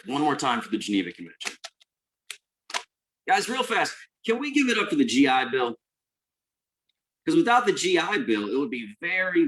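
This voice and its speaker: A man performing a stand-up comedy set, telling a long deadpan story and mock-cheering the crowd in sudden high bursts. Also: noisy background. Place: live venue with audience.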